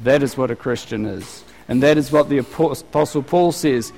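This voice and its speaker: A man's voice: medium pitch, normal speed, vocal fry, darkish tone. A middle-aged man preaching a sermon in a conversational way, asking the listeners many rhetorical questions. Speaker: pastor. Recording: long hall reverb.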